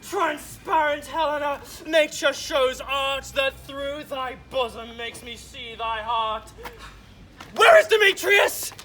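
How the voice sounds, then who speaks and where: A man playing the young lover Lysander in an outdoor stage production, delivering verse with passion and sometimes shouting. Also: extremely high pitch, steady tone, slow, few pauses, loud music behind the voice. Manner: impassioned, at times shouting. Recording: outdoor recording with clear background noise.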